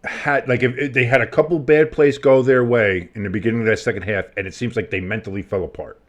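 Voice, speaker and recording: Man co-host, casual sports pod, rambly, excitable, mid pitch. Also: fast talker. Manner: rambling, excitable, swears freely. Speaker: podcast co-host. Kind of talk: casual sports podcast chat.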